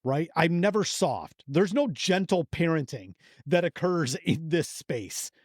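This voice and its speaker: A man's voice: on the high side, measured pace, dry recording, clean studio sound. A man hosting a podcast, telling a story with enthusiasm and lots of swearing. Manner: enthusiastic, profane, animated storytelling. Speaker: podcast host. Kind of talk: casual chat.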